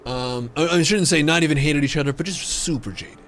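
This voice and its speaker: A man's voice: on the high side, brisk, fairly bright tone, a little hiss or hum. Rambling, foul-mouthed streamer guy. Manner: loose, profane, full of fillers and restarts. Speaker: livestream gamer host. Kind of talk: casual rambling storytelling.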